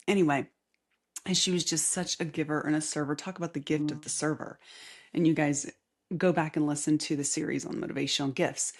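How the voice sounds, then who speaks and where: A woman hosting a casual solo podcast with a light Southern accent, chatty and rambling, often laughing and dropping into soft asides. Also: deep voice, fairly even intonation, moderate pace. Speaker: podcast host. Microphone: camera mic facing the speaker.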